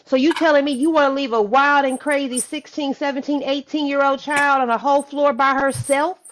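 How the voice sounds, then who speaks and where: A woman's voice: high voice, fairly even intonation, a little fast. An older woman and grandmother talking bluntly and with emphasis in a casual chat. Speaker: guest.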